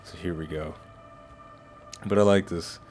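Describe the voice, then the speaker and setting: A man's voice: low-pitched, fairly even intonation, unhurried, a little mellow, faint music behind. A man hosting a video game playthrough, chatting casually and rambling, often restarting his phrases. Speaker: gaming channel host. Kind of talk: casual let's-play commentary.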